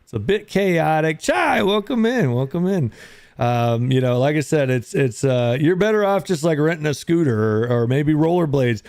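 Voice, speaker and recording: A man's voice: fairly high pitch, lively intonation, moderate pace, dark tone, clean tone, no room sound. Laid-back man hosting a casual chat. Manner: laid-back, rambling, says "dude" a lot; greets listeners by name as they join. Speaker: host of a live audio chat room.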